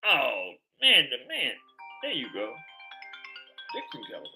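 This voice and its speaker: A man's voice: mid-range voice, wildly swooping pitch, normal speed, vocal fry, bright, forceful tone, soft background music. A man hosting a live stream chat, talking casually in slang and stumbling over repeated words.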